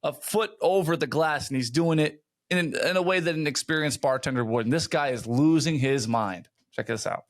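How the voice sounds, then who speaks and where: A man hosts a casual podcast, chatting and explaining things. His voice sits a little high. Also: normal speed, few pauses. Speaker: podcast host.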